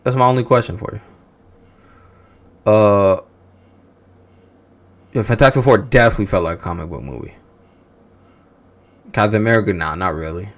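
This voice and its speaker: A man's voice: on the low side, moderate pace, pauses often. A man hosting a livestream, chatting casually with viewers, teasing them and swearing freely. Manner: profane, teasing, rhetorical banter. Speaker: livestream host reacting to movie news.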